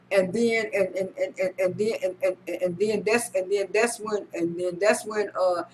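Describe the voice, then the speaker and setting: A man recapping a reality show episode in a casual, halting way, with lots of repeated "and" and "uh" and frequent restarts. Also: sits high, bright, forceful tone, a little hiss or hum, poor audio. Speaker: recap vlogger.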